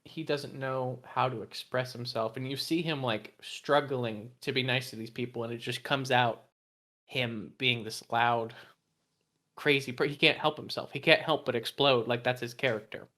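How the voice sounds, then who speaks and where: A man's voice: medium pitch, fairly even intonation, moderate pace, pushed and bright. A man co-hosting a podcast, giving reasoned opinions in casual chat, with many "like" fillers. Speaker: podcast co-host. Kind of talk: casual chat ranking anime characters.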